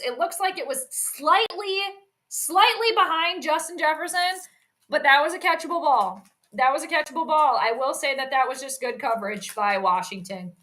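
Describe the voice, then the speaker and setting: Woman streamer doing play by play, high bright voice, chats w her viewers a lot. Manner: chatty, reacts to plays, reads chat comments. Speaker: live stream commentator. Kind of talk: live play-by-play commentary stream.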